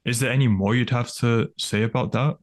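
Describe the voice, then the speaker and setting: A man hosting an interview, restating the guest's answers and asking measured follow-up questions. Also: mid-range voice, steady tone, dry recording.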